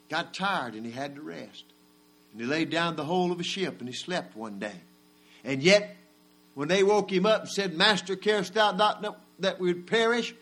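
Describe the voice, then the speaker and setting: A man preaching a sermon. He builds to loud shouted peaks and then drops low. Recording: mains hum in the background.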